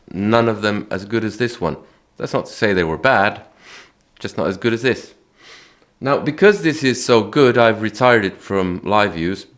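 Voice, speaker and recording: A man who hosts his own channel, talking casually about his guitar in a relaxed, chatty way, often correcting himself. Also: lowish voice. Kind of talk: casual gear talk to camera.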